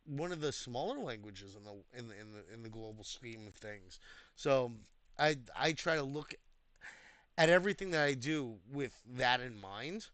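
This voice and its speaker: Recorded dry, a young American man with a medium-pitched, slightly bright voice talks casually. As a community host reviewing threads, he gives advice earnestly and explains things, peppering his speech with fillers and frequent restarts.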